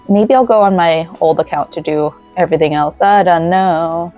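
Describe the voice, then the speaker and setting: A woman's voice: fairly low pitch, moderate pace, few pauses, mellow. A woman hosting a casual let's play, chatting in a rambling way and giggling while she crochets. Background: faint game music.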